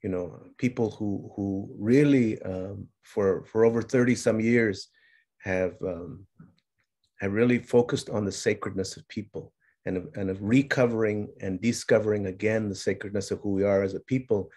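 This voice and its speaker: A middle-aged man telling family stories in a reflective conversation, slipping Spanish phrases in among many fillers and growing animated as he goes. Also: fairly low pitch, moderate pace. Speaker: speaker sharing his life's work.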